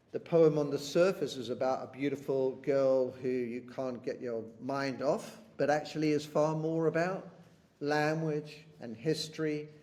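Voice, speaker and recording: A man teaching a poetry lesson. He talks to his students and keeps asking "isn't it?", and he reads the quoted lines slowly. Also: mid-range voice, darkish tone. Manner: rhetorical tag questions.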